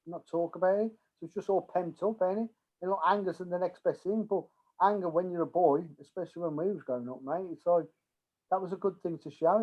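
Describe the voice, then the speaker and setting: A man, a scaffolder, chatting candidly as a guest and laughing between phrases. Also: high-pitched. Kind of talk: casual chat. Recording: tinny phone-like sound.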